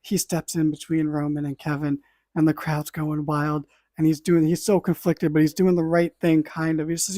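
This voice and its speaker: A man hosting a podcast, giving a lively play-by-play recap in casual chat, with offhand asides and the odd swear. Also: fairly high pitch, moderate pace, no room sound. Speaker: podcast host.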